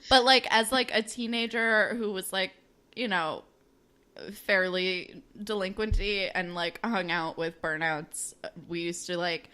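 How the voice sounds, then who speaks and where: A woman's voice: medium pitch, unhurried, clean tone. A young woman co-hosting a podcast, chatting casually and filling her retellings with "like". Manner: chatty, heavy use of filler "like", animated retellings. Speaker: podcast co-host. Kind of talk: casual chat.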